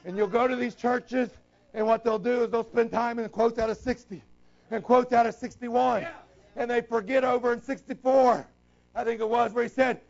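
Male preacher, very high voice, fair amount of fry, fervent and shouty at peaks, muffled lo-fi sound. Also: fairly even intonation. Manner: impassioned, breaks into shouts, slows down to stress key lines. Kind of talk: sermon. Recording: dull lo-fi recording.

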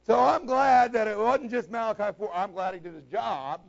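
A man preaching a sermon with passion, breaking into shouts and slowing down to stress his key lines. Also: sits high, gravelly. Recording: dull lo-fi recording.

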